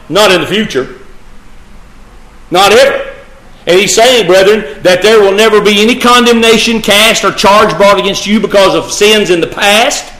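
A man's voice: high-pitched, a bit bright. A man preaching a sermon, emphatic and repetitive, speaking straight to the congregation. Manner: emphatic, repeats key phrases, addresses the congregation directly. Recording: echoey room sound.

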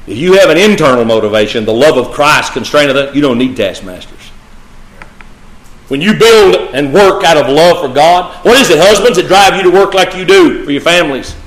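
A man's voice: fairly high pitch, lively intonation, moderate pace. A man preaching a sermon, emphatic and repetitive, speaking straight to the congregation. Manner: emphatic, repeats key phrases, addresses the congregation directly. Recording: echoey room sound.

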